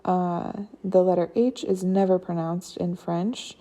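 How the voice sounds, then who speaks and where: A young woman giving a class presentation on phonology, unhurried and with frequent fillers. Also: fairly low pitch, fairly even intonation, mellow. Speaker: student presenter.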